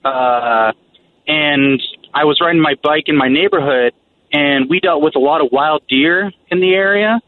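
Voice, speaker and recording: A man calling in to a radio show, telling a casual, halting story. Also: fairly high pitch, slight background noise. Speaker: caller. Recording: tinny phone line.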